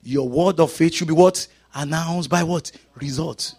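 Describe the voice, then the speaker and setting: A male preacher delivering a sermon in a church service, swinging from loud, rising exclamations down to hushed, whispered lines. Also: a little high, a little slow, breathy edge. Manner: dramatic swings from shouting to quiet whispers.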